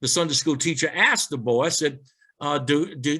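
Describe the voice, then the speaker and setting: A man's voice: on the high side, moderate pace, bright, forceful tone. A male pastor telling funny stories and reading church signs in a light-hearted sermon, acting out the characters as he goes.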